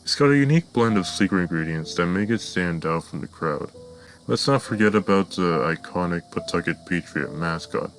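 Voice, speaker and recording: A man doing a boisterous cartoon dad pitching beer. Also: measured pace. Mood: eager. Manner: eager salesman pitch. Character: boisterous middle-aged cartoon dad salesman.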